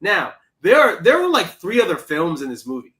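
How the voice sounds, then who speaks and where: A man co-hosting a film podcast in casual chat, animated and quick to act out what people said. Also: high voice. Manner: animated, exclaims and acts out quotes.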